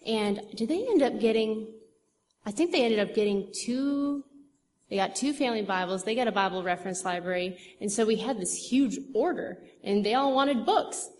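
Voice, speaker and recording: A young woman whose voice sits on the high side, with lively intonation, a darkish tone, and a moderate pace, speaks to a church audience. Her testimony about her witnessing is chatty and rambling, full of fillers and restarts, recorded with long hall reverb and faint noise.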